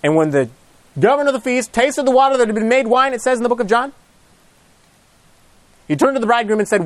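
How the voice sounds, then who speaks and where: A man preaching a storytelling sermon, acting out gospel scenes, now booming, now hushed. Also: fast talker, long pauses, no echo. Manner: animated, acts out gospel scenes with shifting pitch and hushed lines.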